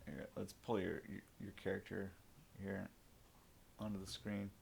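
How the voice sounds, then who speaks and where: A man's voice: low-pitched, flat delivery, measured pace, gravelly, a little mellow, slight background noise. A man running a tabletop game as game master, talking casually and swearing freely.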